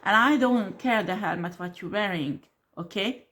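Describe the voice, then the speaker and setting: Her fairly bright, mid-range voice moves at a moderate pace as she reads tarot in a monologue to camera. Blunt and combative, she curses, laughs in scorn, and often asks "okay?" and "do you understand?"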